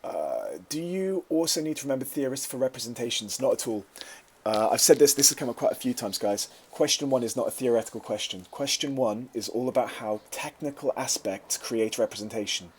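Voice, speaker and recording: A man's voice: mid-range voice, animated, a little fast, a little hiss or hum. A man teaching media studies, answering viewer questions in a casual live-streamed revision session, with frequent fillers.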